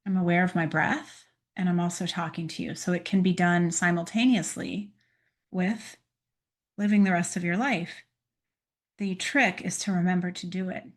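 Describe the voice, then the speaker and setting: Gentle, earnest woman astrologer. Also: mid-range voice. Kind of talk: spoken weekly forecast talk.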